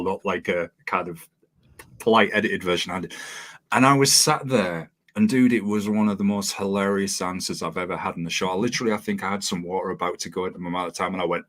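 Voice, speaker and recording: A man hosting an interview, chatty and quick to laugh as he tells stories. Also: sits low, fairly bright tone. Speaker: podcast host. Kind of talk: casual interview chat.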